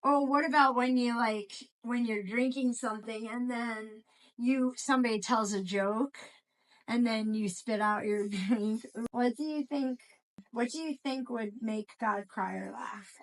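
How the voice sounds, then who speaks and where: A woman's voice: a little high, fairly even intonation, measured pace, poor audio. Woman reading a picture book aloud to children. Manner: gentle, asks children questions between pages. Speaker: read-aloud host.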